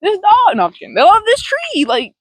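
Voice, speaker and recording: A very high-pitched woman speaks fairly quickly, her pitch swinging hugely. In a casual self-help vlog shot on her own phone or camera by a large tree outdoors, she bluntly and profanely rambles about boundaries, restarting often. There's no room sound, and the recording is rough.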